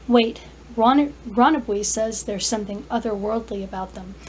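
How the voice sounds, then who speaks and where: A woman voicing a practical young woman who runs a shop, speaking in lively, brisk questions. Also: on the high side, slight background noise, natural voice.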